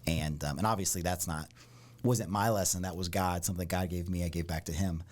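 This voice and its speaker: A man from Ohio, a podcast guest, telling stories in a casual, animated way and often saying "like" and "dude". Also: low-pitched, brisk. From Ohio, United States. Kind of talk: casual storytelling.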